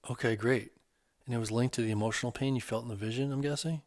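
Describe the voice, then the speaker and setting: A man doing a calm, gentle male teacher. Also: medium pitch, quick pace, no echo, studio quality, close to an everyday voice. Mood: calm, caring. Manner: soft-spoken, reassuring, lightly teasing.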